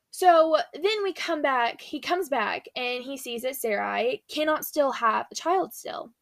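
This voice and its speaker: A woman's voice: high-pitched, expressive, unhurried, creaky, hardly any pauses, no echo. A young woman giving a casual devotional talk, earnest and chatty, retelling scripture in a slangy storytelling way. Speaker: faith speaker.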